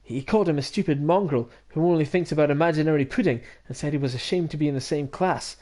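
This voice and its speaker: A man voicing a meek young male dove student, speaking quietly and subdued. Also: a little high, quick pace, natural voice.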